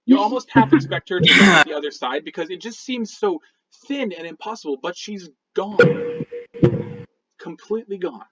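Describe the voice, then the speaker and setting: A man narrating a tabletop game as game master in a playful, expressive way. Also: high voice, moderate pace, crowd noise. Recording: dull lo-fi sound.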